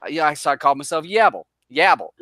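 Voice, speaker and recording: A man's voice: a little high, very animated, fast talker, a bit bright, no room sound. A middle-aged man from the northern US, a guest telling a rambling, joking story in a casual way. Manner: rambling, self-deprecating, jokes around.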